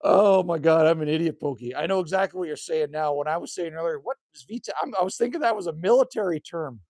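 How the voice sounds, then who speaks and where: A middle-aged Canadian man with a slightly hoarse voice, hosting a live stream from a cabin and chatting casually with viewers in a folksy way. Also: on the high side, fast talker, darkish tone, dry recording, clean studio sound. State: a little hoarse. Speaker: livestream host reading chat. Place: rural cabin indoors.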